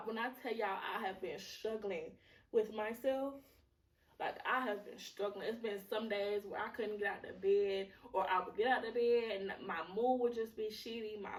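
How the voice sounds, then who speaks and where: A woman's voice: fairly high pitch, echoey room, recorded from a distance. A woman hosting a podcast, telling a personal testimony in a candid, emotional way, swearing freely and using many fillers. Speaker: podcast host.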